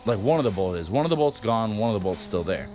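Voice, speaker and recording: This fifties-aged vlogger spins a loose, rambling tale packed with profanity and fillers. He speaks fast in a fairly low, lively voice, and the background is noisy.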